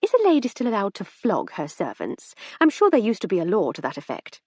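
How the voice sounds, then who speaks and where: A woman's voice: medium pitch, wildly swooping pitch, brisk, a little mellow, husky, no room sound, clean studio sound, pitched above the performer's own voice. A woman voicing a witty aristocratic lady in an audiobook, wry and arch. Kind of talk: audiobook character reading.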